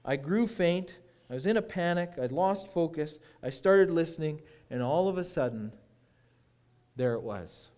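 A man preaching as a guest speaker, telling a personal story with dramatic pauses and hushed moments. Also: a little high, animated.

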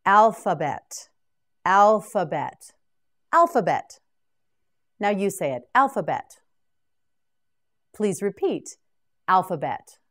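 A woman teaching English vocabulary in a scripted drill, pronouncing each word clearly and deliberately. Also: medium pitch, sing-song, fairly bright tone.

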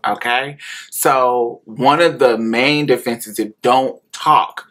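An adult man from Indiana with a rural Indiana accent, slowly and candidly telling a personal story, often laughing and repeating himself. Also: medium pitch, a bit bright.

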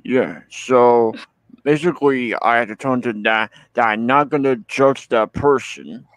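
A man's voice: medium pitch, unhurried, dry recording, rough recording. A man playing along in a casual role-play, reassuring with stumbling, repeated words. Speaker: guest.

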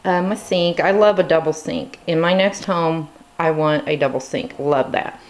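A woman's voice: deep voice, moderate pace. A woman in her thirties giving a casual tour of her home kitchen, chatty with lots of ums and likes, a little out of breath, filming as she walks around. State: slightly out of breath. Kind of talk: casual walkthrough narration.

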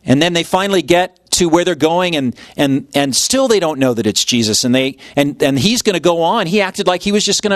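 A pastor with a fairly high male voice preaches through a passage, painting scenes vividly and slipping into the voices of its characters. The sound is dry and close, with little room echo. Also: expressive, moderate pace. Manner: vivid storytelling, acts out voices. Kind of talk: expository sermon.

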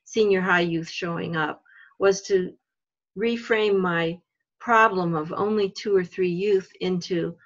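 A woman leading a religious education workshop, explaining ideas slowly and thoughtfully, step by step. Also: lowish voice, steady tone, dull audio. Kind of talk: workshop talk for teachers.

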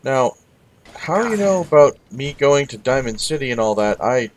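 This male let's-play host has a mid-range, sing-song delivery at normal speed. He chats casually, adding wry comments and responding to what the game's characters say.

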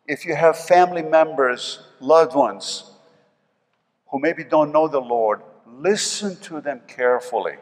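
An older man with a New York accent preaching a sermon as pastor, swinging between loud emphasis and soft asides. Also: fairly high pitch, expressive, a little slow. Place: church sanctuary. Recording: long reverb of a church hall.

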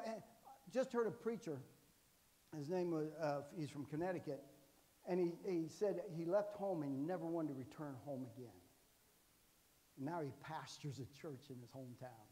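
A man in his sixties, serving as a guest preacher, fills his sermon with jokey, folksy stories and keeps asking "amen." His voice sits on the high side with a darkish tone, and a long reverb tail trails it through the church sanctuary.

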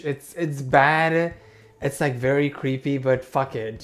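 A man's voice: medium pitch, measured pace, faint music behind. A young man reacting to a clip with sarcastic, profane comments and exaggerated disgust.

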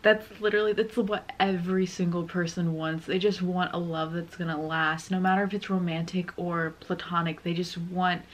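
A woman's voice: lowish voice, flat delivery, moderate pace, few pauses. A young woman reacting to music, sighing and fighting back tears as she talks casually. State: close to tears.

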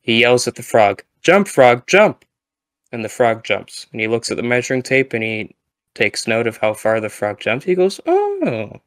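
A man's voice: fairly low pitch, little pitch movement, fairly quick, clean tone, dry recording. Playful man telling a long joke. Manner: playful storyteller, shouting the quoted lines. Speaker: co-host. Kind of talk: casual gaming chat, telling a joke.

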